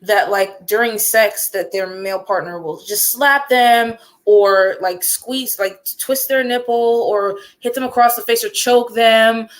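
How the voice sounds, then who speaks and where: A woman's voice: on the high side, a little slow, hardly any pauses, low-quality recording. A woman guest on a podcast, speaking emphatically and outspokenly in casual chat.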